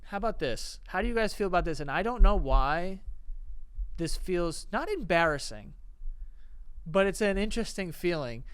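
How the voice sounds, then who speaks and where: A man's voice: sits high, sing-song, normal speed, fairly bright tone, clear, resonant tone. A man co-hosting a podcast, talking casually and playfully with lots of fillers. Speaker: podcast co-host. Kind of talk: casual chat.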